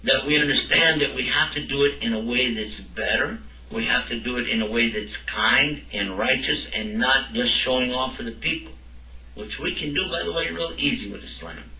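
A man's voice: mid-range voice, moderate pace, pushed and bright. A man giving a religious lesson to a class, quizzing his listeners with questions along the way. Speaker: religious teacher. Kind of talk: lecture to a class. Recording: echoey room, mic at a distance.

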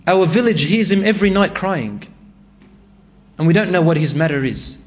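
A plain-spoken shepherd, voiced by a man telling a story, who describes things simply and without fuss. His voice sits a little high and stays steady. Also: normal speed. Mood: matter-of-fact.

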